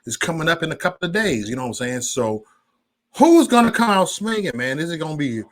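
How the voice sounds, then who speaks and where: Man, livestream host, casual chat; lively, bright and loud, profane, drops to a mumble between bursts. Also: on the high side, fast talker.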